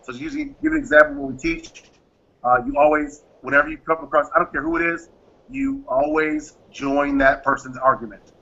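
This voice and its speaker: His voice is a little high, sing-song and brisk, creaky, sharp, and slightly rough. This founder of a private security firm emphatically answers interview questions and acts out the back-and-forths he relates, all on dull lo-fi audio.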